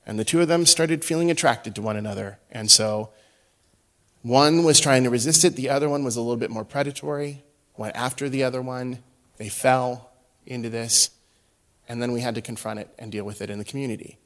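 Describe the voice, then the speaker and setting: A middle-aged man preaching a sermon as a pastor, telling a story and swinging between hushed and loud delivery. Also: medium pitch, a little fast.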